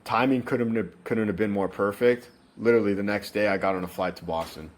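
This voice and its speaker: A young man with a somewhat low voice is a guest on an interview. He tells his story in a candid, rambling style, swears freely, and leans on "like" and "you know". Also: fairly even intonation, a little fast. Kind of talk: casual storytelling.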